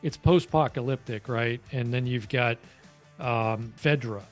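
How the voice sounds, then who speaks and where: A man co-hosting a relaxed show-review chat at an everyday mid pitch. He speaks loosely and keeps dropping "you know" as he goes. Faint music sits quietly behind him. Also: unhurried. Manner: loose and conversational, many "you know" fillers. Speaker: podcast co-host reviewing a TV series. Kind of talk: casual chat.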